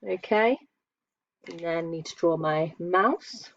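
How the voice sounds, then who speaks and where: A woman's voice: fairly low pitch, slow pace, no room sound. A woman teaching young children in a patient lesson, asking them questions and praising them while she draws. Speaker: primary school teacher. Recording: dull lo-fi dry sound.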